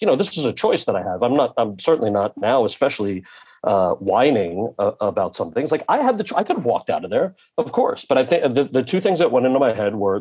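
Brief: male guest actor, husky tone, animated storyteller, voices his quoted characters. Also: on the low side. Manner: animated, acts out quoted people in his anecdotes. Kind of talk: conversational storytelling.

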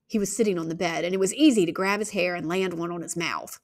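A woman reading a novel aloud, expressive, shifting her pace and volume. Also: lowish voice, fairly quick, few pauses. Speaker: audiobook reader.

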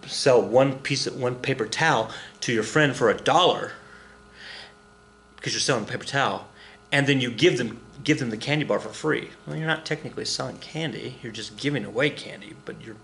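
A man's voice: mid-range voice, fairly quick, vocal fry, fairly bright tone. Chatty male history teacher, jokey asides. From Oklahoma. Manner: chatty, joking asides, many fillers and restarts. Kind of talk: casual recorded lecture.

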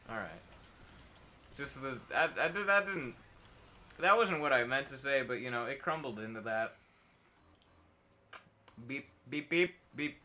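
Young male streamer, slow and unhurried, very bright tone, goofy rambling commentary with nonsense noises. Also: on the high side, lively intonation. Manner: silly, rambling, talks to himself and enemies, nonsense noises. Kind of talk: casual gameplay commentary.

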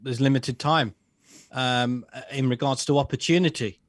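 A man's voice: mid-range voice, fairly even intonation, normal speed, no echo. A man talks as a podcast guest in a casual, mock-innocent tone. He repeats words as he works toward his point. His voice is close and dry, with no room sound. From England. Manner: sarcastic, repeats himself while building a point. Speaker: guest, author and social commentator.

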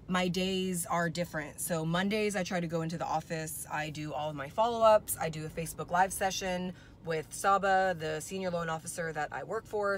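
A woman's voice: low voice, fairly bright tone, slight background noise. A young woman in her twenties, congested from a cold, chatting casually to her phone camera in a car and saying "like" and "y'all" a lot. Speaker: vlogger. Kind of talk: casual vlog chat. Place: in a parked car.

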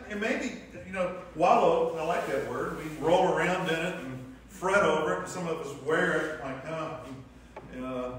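A man's voice: a little high, slight background noise. A man leading a church class lesson in a conversational way, asking the class questions and acting out inner voices. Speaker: Sunday school teacher. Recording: echoey room from a distant mic.

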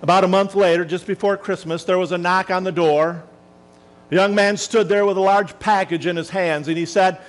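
A man preaching a sermon as a minister, telling a story dramatically and slowing down for emphasis. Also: high-pitched, fairly even intonation, low-quality recording.

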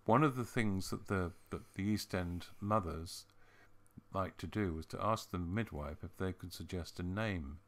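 A man co-hosting a podcast, telling stories in a relaxed, halting, anecdotal way. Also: deep voice. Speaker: podcast co-host. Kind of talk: casual storytelling chat.

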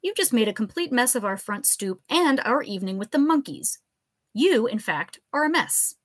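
A fierce young woman laying into someone with crisp, indignant scolding, as a woman reader plays her. Her pitch rises and falls a lot, and the sound is dry and close. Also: very animated, moderate pace, a bit bright, dry recording. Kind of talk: live fiction reading.

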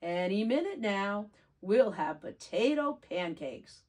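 Crafty jolly peddler guy, as a lady reads him out, coaxing, bouncy pitch. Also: very animated, slow pace, darkish tone. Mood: sly cheerful. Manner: sly, agreeable, coaxing. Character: cheerful crafty male traveling peddler.

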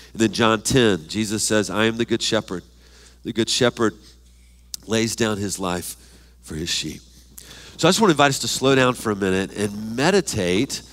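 An older man preaching a sermon as pastor, expressive and lively, asking many questions and reading scripture aloud. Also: fairly low pitch. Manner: reads scripture verses aloud.

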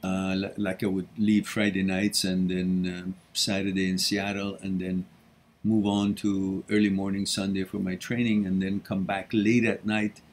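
Middle-aged male host, low and a bit husky, casual and chatty, quick to laugh. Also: level tone. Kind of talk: live Q&A talk.

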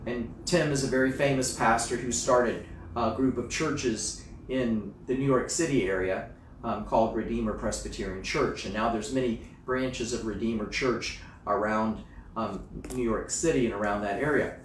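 A male pastor delivering a sermon, swinging between hushed, slow phrases and loud, emphatic exclamations. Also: mid-range voice, slight background noise. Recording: roomy, distant mic with faint ambience.

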